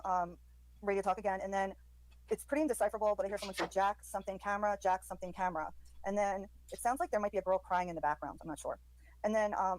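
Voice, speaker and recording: A woman's voice: mid-range voice, darkish tone, no echo, rough recording. A woman on a live stream describing sounds she hears in a recording, hesitant and full of ums. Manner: hesitant, many ums, quoting overheard lines. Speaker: commentator describing audio.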